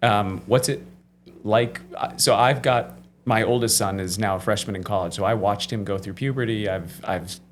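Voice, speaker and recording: Measured, affirming man in his forties. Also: lowish voice, steady tone, a little hiss or hum. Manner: measured, affirming, asks thoughtful follow-up questions. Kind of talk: casual chat.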